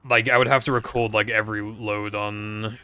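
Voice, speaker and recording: A man's voice: fairly low pitch, level tone, normal speed, sharp tone, clean tone. A young man chatting casually to his stream viewers, rambling and hesitant with frequent fillers and casual swearing.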